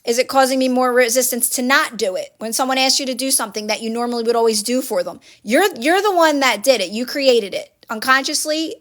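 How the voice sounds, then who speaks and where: On a phone livestream, a woman with a slightly high, a bit bright voice gives her viewers casual motivation. She sounds earnest, coaching them in a repetitive manner.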